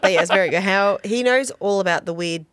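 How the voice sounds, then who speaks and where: A woman's voice: medium pitch, quick pace, a bit bright, no echo. A woman co-hosting a podcast in casual chat, laughing often and reading episode details aloud. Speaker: podcast co-host.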